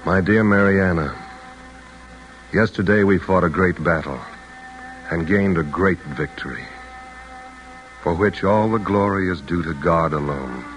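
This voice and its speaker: Strict religious general, low voice, short clipped orders, faint music. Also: male voice, a little slow, pauses often, highs cut off. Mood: solemn. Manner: clipped, commanding. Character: stern devout male general, terse and exacting. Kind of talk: 1940s radio acting.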